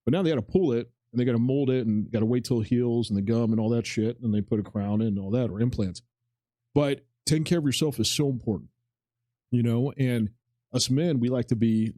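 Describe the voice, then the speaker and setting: A man talks quickly in a relaxed podcast chat, at a middle pitch for a man. He tells his story loosely and acts out each side of the conversation himself. His voice is recorded close and dry, with no room sound around it. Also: no echo. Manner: animated storytelling, acting out both sides of conversations; loose and informal, with mild swearing. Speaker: podcast host.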